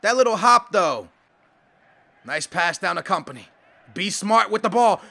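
A young man giving live, excitable gameplay commentary, trash-talking and yelling at the game. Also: high-pitched, unhurried, gravelly, long pauses. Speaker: gaming YouTuber.

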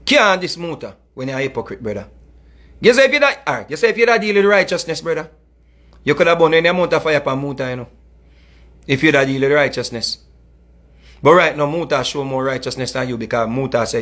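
A middle-aged Jamaican music commentator delivers a heated, scolding monologue, mixing in Patois and hammering the same points again and again. His medium-pitched voice is a bit bright, fast and animated.

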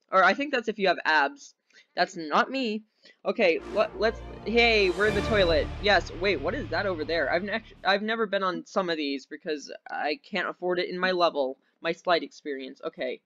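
A young man giving casual, rambling commentary over gameplay, easily excited and giggly. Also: high voice. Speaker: gaming video host. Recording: dull lo-fi sound.

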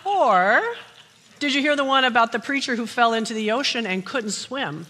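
A woman's voice: on the high side, animated, normal speed, bright, forceful tone, a little hiss or hum. A woman pastor preaching a sermon, opening with jokes and then teaching steadily. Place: church sanctuary. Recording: long church hall reverb.

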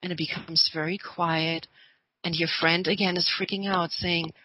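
A woman's voice: fairly low pitch, flat delivery, moderate pace, bright, forceful tone, no echo, poor audio. A woman who is a guest on a radio talk show, telling a personal story in an earnest, heartfelt way.

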